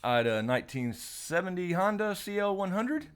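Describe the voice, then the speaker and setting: A man's voice: high voice, big pitch swings, moderate pace, clear, resonant tone. Rambling man hosting a live stream. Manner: rambling, many fillers and restarts, frequent laughs; reads viewer names and questions aloud. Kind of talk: casual live stream chat.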